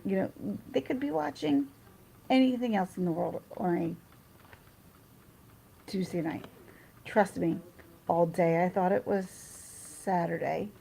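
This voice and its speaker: A woman's voice: fairly low pitch, takes it slowly, creaky, long pauses, dark tone, slight background noise, rough recording. A woman chatting casually on a livestream, reading her chat and rambling through personal stories with restarts.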